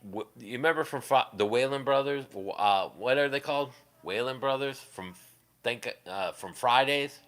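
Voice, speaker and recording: A man chatting casually on his live stream and answering viewers in a rambling, crude way, with quick laughs and many restarts. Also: medium pitch, fairly bright tone.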